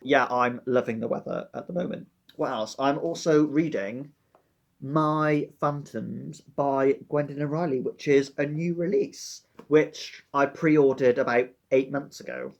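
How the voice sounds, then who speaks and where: A man's voice: medium pitch, unhurried, creaky. A Welsh man, a teacher, chatting casually and wryly to camera with a slightly dramatic touch. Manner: chatty, wry, a bit dramatic. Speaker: teacher and book vlogger. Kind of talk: casual chat.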